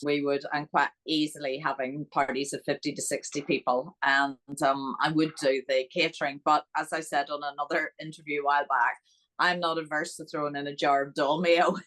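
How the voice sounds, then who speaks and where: A woman with a Northern Irish accent, a guest telling chatty, animated stories in a podcast interview. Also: low-pitched, moderate pace, low-quality recording.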